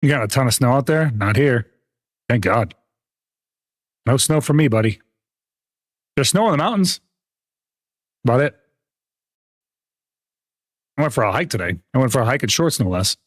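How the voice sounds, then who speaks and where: A man's voice: mid-range voice, lively intonation, moderate pace, pauses often, no room sound, studio quality. A young man streaming a video game, chatting casually with viewers, laughing often and explaining game mechanics. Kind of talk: casual gameplay commentary.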